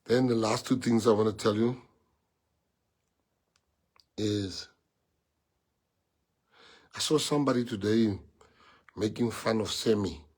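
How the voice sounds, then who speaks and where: This middle-aged South African party leader rallies supporters on a livestream, his accent clearly South African. His lowish voice is a little mellow with a breathy edge, and he speaks slowly, pausing often. He repeats himself emphatically and slips Afrikaans phrases in.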